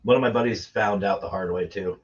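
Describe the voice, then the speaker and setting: Low-voiced man telling crude stories. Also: brisk, husky. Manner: crude, laughing anecdotes. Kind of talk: casual storytelling chat. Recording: dull lo-fi sound.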